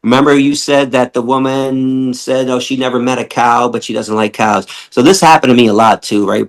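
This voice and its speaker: Gravelly, passionate man swearing freely. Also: fairly even intonation, moderate pace, hardly any pauses. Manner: acts out quoted people with big jumps in pitch. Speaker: podcast guest, animal rights activist. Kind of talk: casual interview talk.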